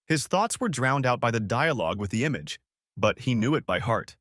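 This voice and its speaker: A man narrating an audiobook story in an expressive storytelling read. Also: mid-range voice, fairly quick, no echo, studio quality. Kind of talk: scripted narration.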